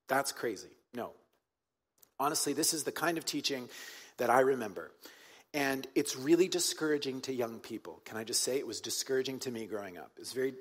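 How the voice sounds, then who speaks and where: Husky-voiced man preaching conversationally. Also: medium pitch, long reverb tail. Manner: conversational, checks in with the audience; emphatic, repeats key points. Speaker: pastor. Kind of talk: sermon.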